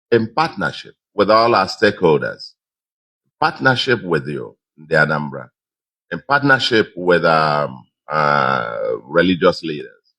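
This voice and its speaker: A man's voice: rumbling low, bright, forceful tone. A man with a Nigerian accent, a governor giving an emphatic acceptance speech to a crowd and repeating phrases for stress.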